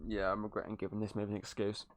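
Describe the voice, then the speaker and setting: A man's voice: fairly low pitch, monotone, very fast, no echo. Guy hosting a movie podcast, swears a lot, dry close sound. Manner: swears freely, laughs at scenes. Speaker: podcast host. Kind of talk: casual movie review chat.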